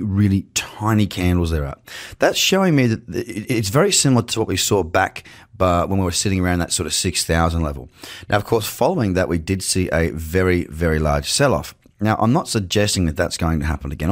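A man with an Australian accent hosting a casual, chatty market commentary podcast from his office, with playful asides. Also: sits low. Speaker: podcast host. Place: home office. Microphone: webcam setup.

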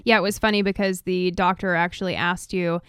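Podcast co-host, female, smooth voice, dry close mic, casual chat. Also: on the low side, flat delivery, fairly quick, fairly bright tone, dry recording. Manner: brief dry agreeing interjections.

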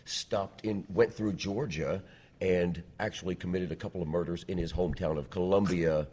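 A man's voice: low-pitched, steady tone, normal speed, warm tone, breathy edge. A middle-aged man from the United States, a radio host telling stories in a rich radio voice as a guest. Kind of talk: casual chat.

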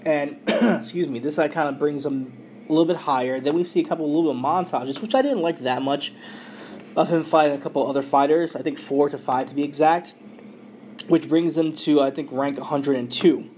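A man's voice: fairly high pitch, brisk, darkish tone, a little hiss or hum. A man hosting a podcast, casually retelling an anime episode with lots of fillers and quoted dialogue. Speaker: podcast host recapping an anime.

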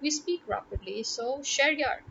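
A woman's voice: on the high side, a little slow, lo-fi sound, a little hiss or hum. A woman language tutor talking casually to camera in an emphatic way, repeating words to drive her points home.

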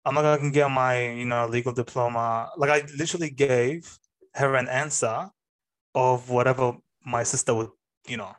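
A young man co-hosting a casual podcast, his voice sitting at an ordinary middle pitch. He tells stories with lively energy, swearing freely and slipping into other people's voices as he goes. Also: moderate pace. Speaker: podcast co-host. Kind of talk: casual storytelling chat.

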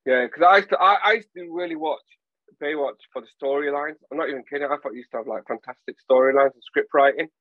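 A man from England chats casually on a podcast, spinning animated stories and slipping into voices. His voice sits a little high. The recording is dry and a touch dull. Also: fast, no room sound. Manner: animated storyteller, acts out voices. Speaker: podcast guest. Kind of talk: casual chat.

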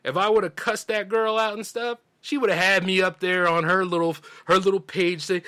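A man's voice: fairly even intonation, normal speed, hardly any pauses, bright, forceful tone, smooth. Emphatic Southern man ranting. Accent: Southern US drawl. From Southern United States. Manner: ranting, emphatic, mimics others in a high voice. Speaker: podcast host. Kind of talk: opinionated monologue.

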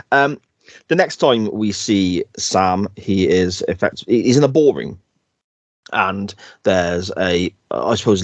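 A low-voiced man co-hosts a podcast, recapping an episode in a casual, chatty way, telling it like a story and laughing often. His recording is dry, with no echo.

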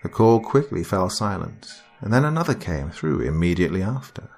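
A man reading a horror story as narrator in a slow, dramatic storytelling manner. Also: sits low, sing-song, vocal fry, a little mellow, soft background music.

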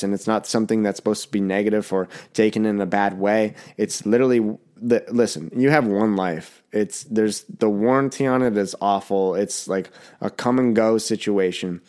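Blunt young man, slightly low voice. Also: a little mellow. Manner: blunt, rambling, swears freely. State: a little sick, coughing. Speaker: podcast host. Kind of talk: casual solo podcast monologue.

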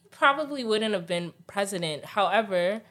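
A woman's voice: mid-range voice, expressive, normal speed, fairly bright tone. An American woman hosting a podcast in a mid-range voice. She speaks candidly and with emphasis, pressing her points home. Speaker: podcast host. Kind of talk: casual podcast discussion.

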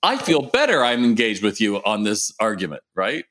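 A man with a fairly low voice hosts a podcast in a casual, musing way. His asides often go soft and trail off. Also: huge pitch swings, moderate pace. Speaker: podcast host. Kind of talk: casual interview chat.

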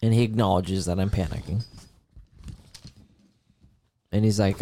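A man's voice: sits low, steady tone, unhurried, long pauses, mellow. A man co-hosting a podcast, candidly recounting a personal experience in casual conversation. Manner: candid storytelling about therapy, earnest. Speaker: podcast co-host.

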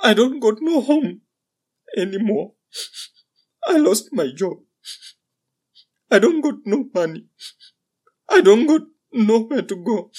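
A man's voice: high-pitched, sing-song, takes it slowly, pauses often, darkish tone, pitched above the performer's own voice, heavily acted. A man voicing a big, drunk laborer who roars and then breaks down sobbing.

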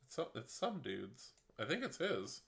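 A man with a bright, sharp voice at an ordinary pitch. He chats in a relaxed, jokey way as a podcast co-host and cheers on his friend's stories. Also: unhurried, creaky. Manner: laid-back, supportive reactions, jokey asides. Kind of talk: casual chat.

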